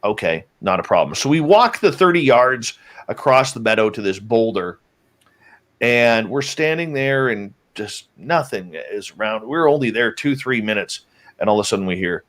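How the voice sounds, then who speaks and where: A man's voice: on the low side, normal speed. A man, a guest on a show, casually telling a story about a trip into the woods, acting out what his companions said. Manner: lively, acts out the quoted lines of his companions.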